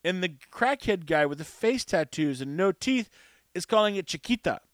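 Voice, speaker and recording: This show host's voice sits high and is expressive, moving at a moderate pace with no echo. Close to the mic, he delivers a casual, rambling monologue, telling a story wryly at his own expense.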